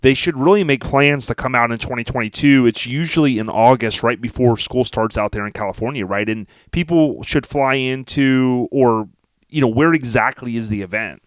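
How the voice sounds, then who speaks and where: A man's voice: medium pitch, normal speed, dry recording, clean studio sound. Enthusiastic slangy male podcast host. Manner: enthusiastic, slangy, calls guest dude and man. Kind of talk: casual podcast conversation.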